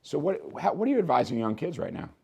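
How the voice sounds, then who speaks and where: A man hosting an interview show, encouraging, with steady affirmations, apparently from Maryland. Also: on the high side, quick pace, gravelly, husky. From Maryland, USA. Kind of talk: interview host.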